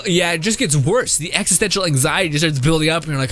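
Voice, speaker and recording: A man's voice: a little high, lively intonation, moderate pace, fairly bright tone, soft background music. A young man casually reacting to memes, laughing often and swearing while he rambles.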